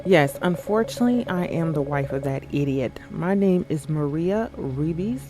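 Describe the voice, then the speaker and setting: A man's voice: a little high, lively intonation, brisk, a little mellow, lightly acted. A man reading the lines of a hostile, bitter woman guest in a game, curt and scornful. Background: game music.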